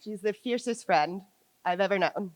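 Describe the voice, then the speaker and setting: A woman at a wedding reception giving a heartfelt toast to her friend, laughing softly between lines. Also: mid-range voice, moderate pace, dry recording, rough recording.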